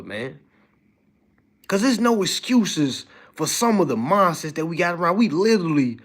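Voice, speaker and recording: Man, animated rant, AAVE, lively swooping pitch, fairly high voice. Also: husky. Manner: animated, addresses viewers as y'all, mocking high-pitched impressions. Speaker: livestream host. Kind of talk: casual ranting livestream monologue.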